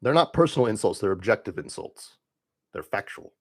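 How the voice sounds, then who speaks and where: A man's voice: fairly low pitch, very animated, brisk, husky. A young man live streaming, ranting casually to his chat in a rambling, dismissive way with lots of "like". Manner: rambling, heavy use of "like", dismissive.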